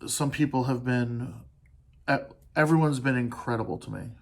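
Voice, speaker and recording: A man talking alone into a podcast mic, earnest and heartfelt. He halts and restarts often and lets thoughts trail off. His pitch sits in an ordinary middle range, and he swears casually. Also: normal speed, vocal fry. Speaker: solo podcast host. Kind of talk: candid solo podcast monologue.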